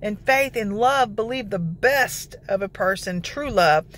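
A woman with a gravelly voice giving devotional teaching and prayer, citing scripture and breaking into exclamations. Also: medium pitch, expressive, unhurried, fairly bright tone, slight background noise. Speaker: prophetic ministry host.

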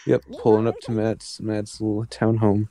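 A man's voice: on the low side, completely flat delivery, normal speed, mellow. A man joking around with friends during a game, teasing and crude with goofy asides. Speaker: gaming friend. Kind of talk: casual gaming banter.

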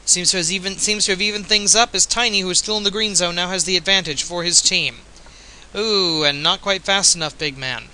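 A man's voice: high-pitched, brisk, pushed and bright, poor audio. A man giving casual, jokey play-by-play commentary in an offhand, chatty way, a bit tipsy.

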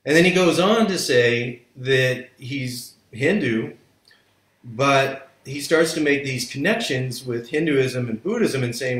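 A man's voice: medium pitch, lively intonation, slow pace, fairly bright tone, echoey room. A man teaching yoga history in a lecture, telling it as a story and acting out people's reactions.

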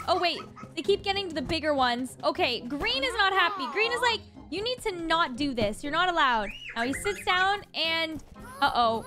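A woman hosting a reaction video, gasping, laughing and exclaiming as she comments. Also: extremely high pitch. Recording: loud music over the voice.

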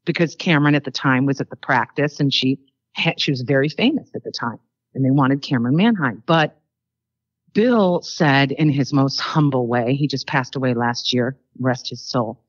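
An older actress chatting as an interview guest, telling rambling anecdotes full of fillers. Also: female voice, rumbling low, moderate pace, breathy edge, no echo, muffled recording. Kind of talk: casual interview storytelling.

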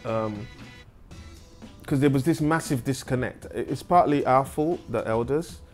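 A man's voice: mid-range voice, a little slow, soft background music. A man speaking as an interview guest, telling candid stories in a frank, profane way and often tagging remarks with "right?". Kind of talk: candid conversational storytelling.

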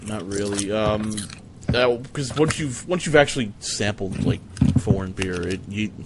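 A man streaming a strategy game, giving casual, profane, sardonic commentary as he thinks out loud. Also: fairly low pitch, measured pace, very noisy.

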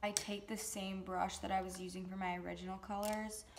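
A woman's voice: medium pitch, flat delivery, brisk, creaky, background noise. A young adult woman chatting casually through a makeup tutorial, with goofy joking asides. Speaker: beauty vlogger.

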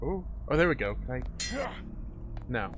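Playing a horror shooter, this man narrates let's play commentary in a mid-range voice whose pitch swoops wildly, speaking unhurriedly. Startled exclamations and laughs punctuate his reactions, and game music and background noise sit underneath.

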